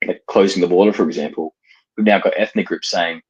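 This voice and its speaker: A young man, arguing in a heated casual debate, talking fast with many restarts and fillers. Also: low-pitched, fairly even intonation, a little mellow, breathy edge, dull audio. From Australia. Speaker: debate participant.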